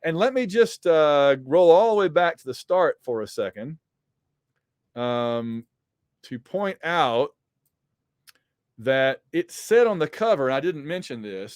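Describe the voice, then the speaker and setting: A man's voice: a little high, expressive, takes it slowly, long pauses, a little mellow, smooth, dry recording, clean studio sound. A man hosting a podcast, reading comic books aloud with chatty, wry commentary. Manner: chatty, wry asides, many fillers. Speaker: podcast host.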